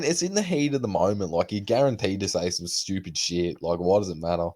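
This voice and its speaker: A young man hosts a laid-back podcast chat in a low, mellow voice. He swears freely and talks in loose, rambling bursts. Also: moderate pace. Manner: swears a lot, animated retelling with put-on quotes. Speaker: podcast host. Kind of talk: casual chat.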